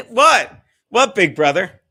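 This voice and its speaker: A man hosting a casual livestream show. His voice sits high and sharp-edged. He talks in a loose, profane way and reads viewer comments aloud. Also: big pitch swings, slow, husky. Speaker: livestream podcast host.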